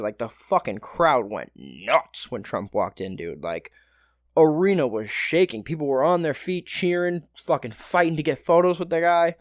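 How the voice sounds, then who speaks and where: A man's voice: on the high side, no echo. Casual profane young man, dry close sound. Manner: loose, profane, joking asides. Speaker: podcast host. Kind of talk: casual solo fight breakdown.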